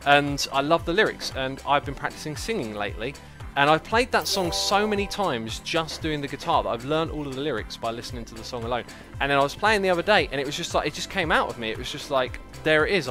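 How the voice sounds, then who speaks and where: A man hosting a game livestream, chatting casually in a rambling, jokey way with lots of fillers. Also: mid-range voice. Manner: excitable outbursts, playful and jokey. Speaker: livestream host playing a game. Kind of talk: casual gaming commentary.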